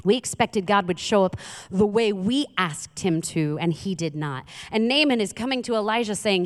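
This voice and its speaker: A woman's voice: medium pitch, normal speed. Woman preaching in a reverberant hall. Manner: conversational, animated storytelling with asides. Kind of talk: sermon. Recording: long reverb of a large hall.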